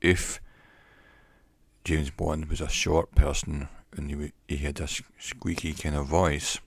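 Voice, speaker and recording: A man giving an educational talk in a measured, reflective way, pausing often between phrases. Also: very deep voice, level tone, vocal fry, slightly rough, no echo. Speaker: teacher. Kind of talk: educational monologue.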